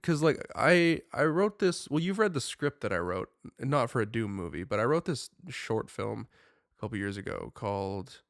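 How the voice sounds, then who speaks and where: A young man co-hosting a podcast in casual chat, rambling and animated with lots of filler words. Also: mid-range voice, normal speed, gravelly, dry recording, clean studio sound. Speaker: podcast co-host.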